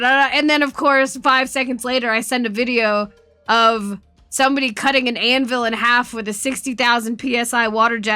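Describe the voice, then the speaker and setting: A woman's voice: a little high, fairly quick, sharp tone, no echo, soft background music. A woman streamer telling a story in casual chat, swearing often and laughing as she goes.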